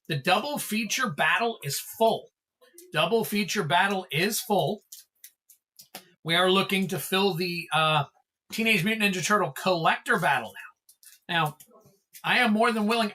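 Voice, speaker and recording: A man's voice: sits high, sharp tone. A man hosting a trading card livestream, chatting casually and thanking viewers by name.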